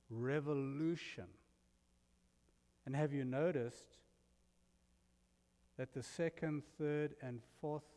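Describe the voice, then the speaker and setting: In a church sanctuary, a guest minister from outside the US delivers a sermon full of humorous, self-deprecating stories. His medium-pitched voice has a darkish tone, and the hall gives it a long reverb.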